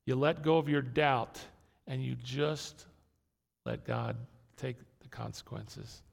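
A man's voice: medium pitch, very animated, measured pace, vocal fry. A man preaching a conversational sermon to his congregation, repeating key words and restarting phrases as he goes. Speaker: pastor. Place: church sanctuary. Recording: long hall reverb.

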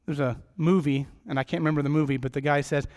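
Casting note: high-pitched middle-aged man preaching a sermon in church, jokey and rambling. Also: fairly even intonation, fast, darkish tone. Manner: rambling, self-deprecating, jokey asides.

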